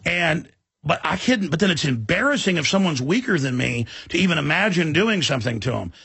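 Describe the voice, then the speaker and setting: Gravelly intense talk radio host, man. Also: fairly high pitch, very animated, fairly quick, fairly bright tone, a little hiss or hum. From Texas. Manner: intense, rambling, many restarts.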